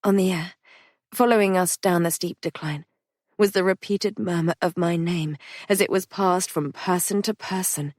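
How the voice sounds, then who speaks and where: A woman narrating an audiobook in a steady, measured first-person voice. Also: on the low side, no echo, clean studio sound. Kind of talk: scripted narration.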